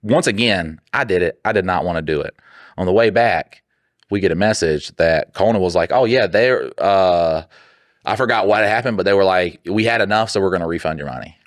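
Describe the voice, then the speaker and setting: Low-voiced man in a profane rant. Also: fairly quick, no echo, clean studio sound. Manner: heated, profane ranting, often drops into quoted dialogue. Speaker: podcast co-host. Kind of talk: casual chat.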